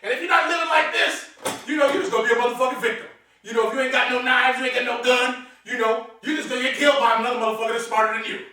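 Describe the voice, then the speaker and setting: A man with a very high, bright voice rattles off a brash, boastful, profane comedic monologue at a quick clip. He keeps chuckling between lines. The sound is roomy and echoey, with the mic set far from him and a faint hiss underneath. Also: fairly even intonation. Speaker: comedic host showing his knives.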